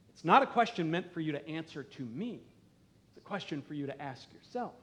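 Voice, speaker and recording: A middle-aged man preaching as pastor in a church, talking conversationally and earnestly, dropping to quiet emphasis at times. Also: a little high, big pitch swings, a little fast. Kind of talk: sermon. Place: church sanctuary.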